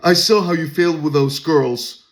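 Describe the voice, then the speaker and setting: A man's voice: on the high side, normal speed, pitched above the performer's own voice, close to an everyday voice. A man putting on a smug, mocking guy. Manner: mocking, sing-song.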